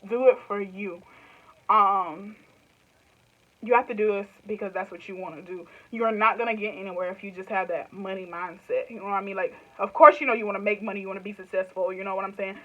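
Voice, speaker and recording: A woman's voice: medium pitch, fairly even intonation, brisk, sharp tone. A young woman with a Southern US drawl chats straight to camera, stringing her thoughts into loose, rambling run-ons. She laughs easily and often. The sound is a little dull and lo-fi. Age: 20s. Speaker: YouTuber. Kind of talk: casual direct-to-camera chat.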